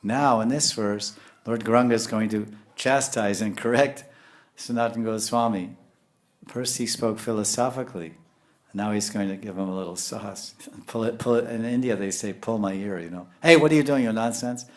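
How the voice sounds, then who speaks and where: A man with a somewhat low voice delivers a spiritual sermon. His talk is animated and full of restarts, and he breaks into soft chuckles as he explains. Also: normal speed. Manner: animated, lapses into scolding voices when quoting. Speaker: spiritual teacher.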